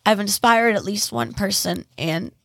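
A woman on a podcast telling her story in an emotional interview, halting and apologetic, close to tears. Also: medium pitch, gravelly, fairly bright tone, no room sound. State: on the verge of tears. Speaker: podcast guest. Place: podcast studio under lights.

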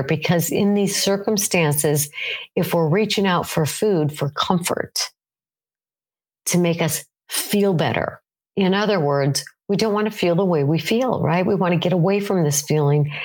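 Low-pitched middle-aged woman, earnest coach, self-questioning teaching talk. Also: a little mellow. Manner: earnest, asks herself questions aloud.

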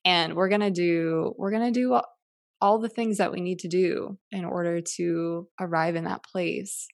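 A woman's voice: on the low side, fairly even intonation, normal speed, gravelly, no echo, clean studio sound. A woman hosting a podcast from her home, talking in a gushing, casual way, swearing freely and calling her listeners y'all. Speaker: podcast host.

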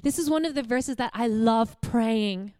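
A young Australian woman preaching a sermon in a lively, conversational way, asking her listeners questions and laughing easily. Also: fairly high pitch, measured pace, dry recording, faint music behind. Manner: warm, animated, laughs often, asks the audience questions.

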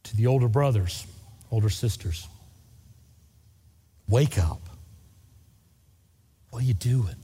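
A man's voice: mid-range voice, slow pace, pauses often, warm tone, slightly rough, in a large hall. A man preaching a sermon as a pastor in a church, pleading earnestly and repeating phrases for emphasis. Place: church sanctuary.

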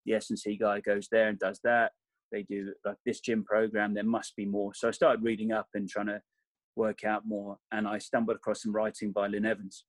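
A man's voice: lowish voice, monotone, normal speed, no echo. A man, a rugby coach and guest, talking in a casual interview in a meandering, self-correcting way.

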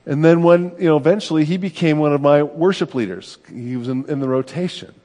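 A man's voice: fairly high pitch, a little fast, warm tone, in a large hall. A middle-aged man, a pastor, preaching a sermon in a conversational, self-deprecating way, often checking in with "right?".

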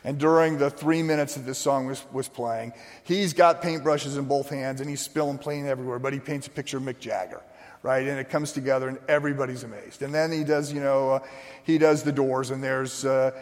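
Storytelling pastor in a reverberant hall. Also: male voice, medium pitch, brisk. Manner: conversational, animated storyteller acting out quotes. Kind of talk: sermon with storytelling.

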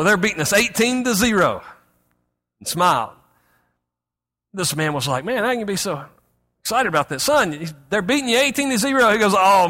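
A man preaching a sermon as pastor, reading scripture aloud and speaking with expressive emphasis. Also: fairly high pitch, big-room sound.

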